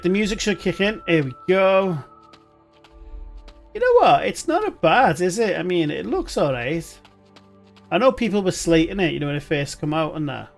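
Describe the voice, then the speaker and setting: Chatty man streaming a game. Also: on the high side. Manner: chatty, rambling, jokey asides. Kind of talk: live gameplay commentary.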